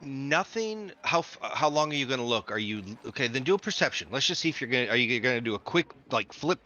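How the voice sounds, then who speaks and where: A man's voice: mid-range voice, sing-song, fast, sharp tone. A man running a tabletop game as dungeon master, rambling and joking with lots of restarts. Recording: dull lo-fi audio.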